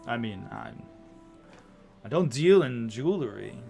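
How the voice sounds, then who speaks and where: A man's voice: mid-range voice, lively intonation, slow pace, vocal fry, mellow, faint music behind. A man voicing a sly, polite male shopkeeper who hedges and stalls. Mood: evasive. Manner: hesitant, hedging, overly courteous.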